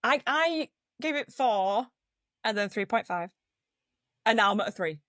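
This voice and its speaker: Brief: young woman, podcast co-host, animated storyteller, very dry close sound. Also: fairly high pitch, a little slow, no echo. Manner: animated storyteller, acts out quotes, laughs a lot. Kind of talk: casual film review chat.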